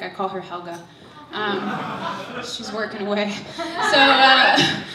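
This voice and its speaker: Young woman, bright voice, nervous, self-mocking stage storyteller, echoey hall, picked up from a distance. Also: mid-range voice, a little hiss or hum. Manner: nervous, self-deprecating, laughs through her lines. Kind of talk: personal storytelling.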